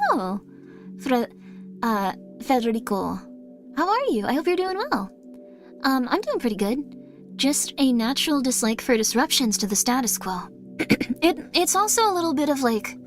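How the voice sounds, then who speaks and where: Rambling higher-voiced woman streamer. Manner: rambling, many "like" fillers. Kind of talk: casual chat with viewers.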